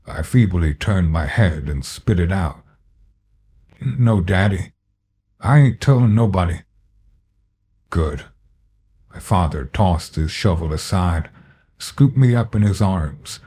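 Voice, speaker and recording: A man narrating a horror story in a slow, grave storytelling manner. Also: deep voice, dark tone, slightly rough.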